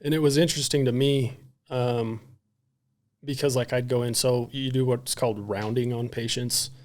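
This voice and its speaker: A man's voice: medium pitch, steady tone, moderate pace. A man, a psychiatrist and podcast guest, telling stories casually and animatedly, swearing freely and acting out the dialogue. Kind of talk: casual storytelling.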